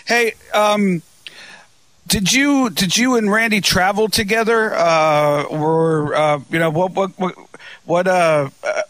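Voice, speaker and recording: A man's voice: high voice, slow pace, fairly bright tone, no echo. A man hosting an interview, asking long, rambling questions with many restarts. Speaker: podcast host. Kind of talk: casual interview.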